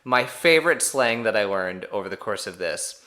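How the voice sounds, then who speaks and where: A man's voice: on the low side, animated, normal speed, sharp tone. A man co-hosting a podcast in casual chat, wry and self-deprecating as he recaps events. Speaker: podcast co-host.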